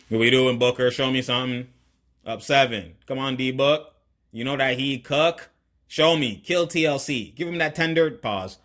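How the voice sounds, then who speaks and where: A man hosting a basketball highlight reaction, excitable and slangy, laughing often as he talks. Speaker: host.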